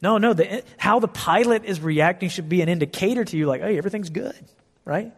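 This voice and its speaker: A man with a fairly high voice preaching in a lively, conversational style, often turning to his listeners with questions. His words carry a long echo, as if spoken in a big hall. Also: a little fast, breathy edge. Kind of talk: sermon.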